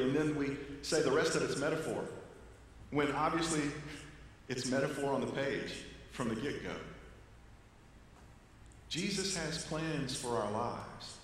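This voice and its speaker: A man, a pastor, preaching a sermon, earnest and varied, with loud stressed phrases that drop to quiet low ones. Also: a little hiss or hum. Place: church sanctuary. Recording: echoey church hall with long reverb.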